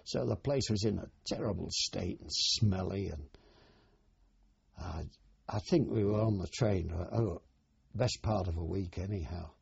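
An older man, a war veteran, telling his memories in a plain, unhurried oral history interview. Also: deep voice, gravelly, slightly rough, no echo. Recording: dull, dry archive interview recording.

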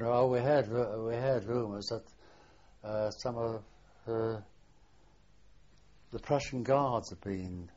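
An elderly man looks back on his wartime service in an oral history interview, his voice sitting low. He speaks haltingly, restarting often and letting sentences sink away softly. The sound is dull and lo-fi, like an old archival tape. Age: older. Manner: halting reminiscing, trailing off softly. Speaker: war veteran interviewee.

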